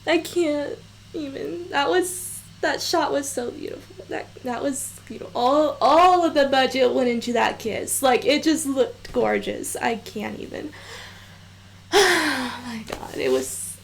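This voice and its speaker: Gushing high-voiced woman reacting to anime. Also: creaky, slight background noise. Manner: effusive, gushing, breaks into laughter. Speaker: anime reaction channel host. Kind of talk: casual reaction commentary.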